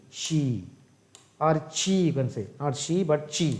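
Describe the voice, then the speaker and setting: A male teacher, giving a pronunciation lesson and repeating each word slowly for his learners. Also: fairly high pitch, animated, darkish tone. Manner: slow, repeats words for drill, addresses learners as "my dears". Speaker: English teacher.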